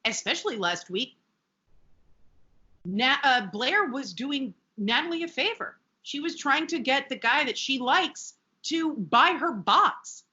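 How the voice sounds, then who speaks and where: Lively bright-voiced woman, lo-fi podcast. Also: high voice, measured pace. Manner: animated, laughing, profane asides. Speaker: podcast co-host. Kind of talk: casual recap chat.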